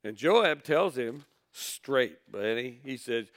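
A man's voice: medium pitch, lively intonation, takes it slowly, a bit bright. A man preaching a sermon, reading scripture aloud and then retelling it in blunt, folksy words.

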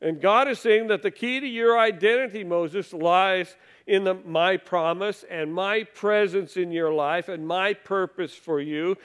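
A man's voice: sits high, a little slow, a bit bright, clean tone. A man preaching a sermon, reading scripture aloud and then talking it over in a wry, conversational way, asking the congregation to read along with him.

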